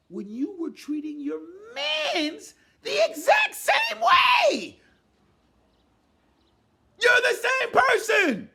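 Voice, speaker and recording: A man in a loud, exasperated commentary rant, often shouting and mocking what others said. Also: very high voice, huge pitch swings, slow pace, a little hiss or hum. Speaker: commentary vlogger.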